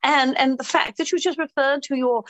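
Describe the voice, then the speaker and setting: A woman improvising a prim, sharp-tongued British woman at a pub, with a put-on British accent and pointed, haughty put-downs. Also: high voice, steady tone, brisk, pitched above the performer's own voice.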